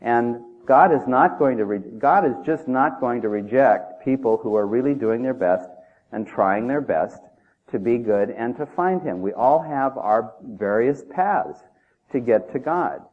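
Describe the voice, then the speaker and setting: A man preaches in a punchy, talky manner, tossing rhetorical questions at the congregation. His voice sits at an ordinary male pitch. The sound is thin and narrow, like a phone line. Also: lively intonation, measured pace. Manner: emphatic, conversational, with rhetorical questions. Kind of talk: sermon. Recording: tinny phone-like audio.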